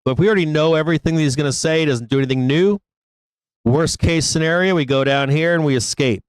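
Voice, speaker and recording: Rambling, profane stock market host. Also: male voice, a little high, smooth, no room sound, rough recording. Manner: rambling, profane, fast bursts with many fillers. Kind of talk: casual live trading commentary.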